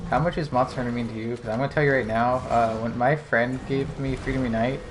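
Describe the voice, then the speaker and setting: A man's voice: mid-range voice, steady tone, quick pace, over music. A young man hosting a casual gaming podcast, telling personal stories in a candid, rambling way with plenty of fillers. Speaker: podcast host.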